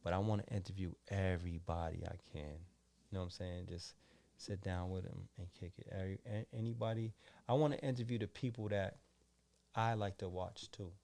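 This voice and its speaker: Rambling low-voiced man from Boston. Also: fairly even intonation, brisk, creaky, mellow. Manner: rambling, keeps repeating "you know what I'm saying". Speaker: podcast host and father. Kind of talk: casual interview chat.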